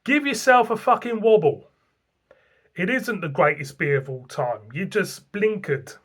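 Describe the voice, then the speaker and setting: Blunt sweary Northern English man. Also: on the high side. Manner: blunt, sweary, rambling with restarts. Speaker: beer reviewer. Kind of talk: casual beer review vlog.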